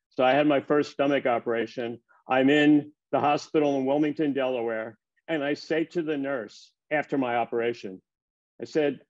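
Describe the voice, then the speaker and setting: Older man telling lively stories, lo-fi. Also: medium pitch. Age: 70s. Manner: lively anecdotal delivery, acting out dialogue. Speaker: keynote speaker. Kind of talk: storytelling talk. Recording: dull lo-fi sound.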